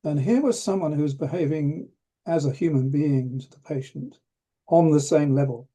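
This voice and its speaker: Older man, english, very dark mellow voice, halting reflective storytelling, dry humor. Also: fairly high pitch. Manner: hesitant, restarts often, dry humor. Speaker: interview guest, retired professor of rheumatology.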